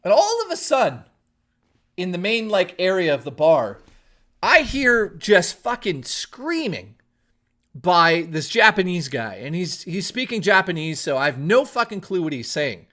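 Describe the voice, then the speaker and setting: A young man from Toronto streaming, telling a long story in a rambling, animated way, swearing freely. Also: high voice, measured pace. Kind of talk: casual storytelling on a live stream.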